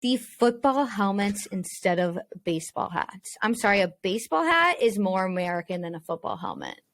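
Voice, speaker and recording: A woman's voice: medium pitch, big pitch swings, normal speed, no room sound. A woman co-hosting a casual sports podcast, emphatic and jokingly exasperated. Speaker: podcast co-host. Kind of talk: casual chat.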